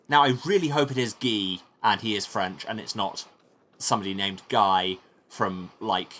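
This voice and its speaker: A man's voice: on the low side, moderate pace, bright, forceful tone, slight background noise. A man giving chatty, joking commentary while playing a video game. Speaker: let's play host.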